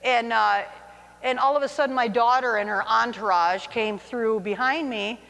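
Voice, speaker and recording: A woman's voice: a little high, normal speed, gravelly, fairly bright tone. A woman in her forties, a teacher, telling a funny personal story to an audience with self-mocking humor. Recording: long hall reverb.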